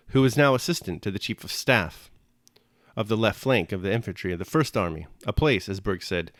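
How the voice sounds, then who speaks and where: A man with a low voice reads a classic novel aloud at a measured pace, giving each sentence an expressive lift. The recording is close and dry, with no room echo. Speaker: reader and commentator. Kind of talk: audiobook reading and reflection.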